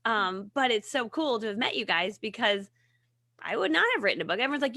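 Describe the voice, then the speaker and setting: A woman's voice: fairly high pitch, lively intonation, brisk, bright, forceful tone, dry recording, studio quality. A woman talking as a guest author, chatty and telling stories with frequent laughs. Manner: chatty, laughs often, storytelling. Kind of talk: casual chat.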